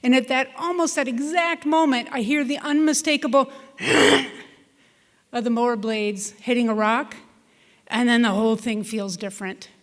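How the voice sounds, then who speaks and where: A woman's fairly high voice tells a farm story in a vivid, measured way from a stage. The sound carries the long reverb of a big hall. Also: steady tone. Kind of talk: told personal story on stage.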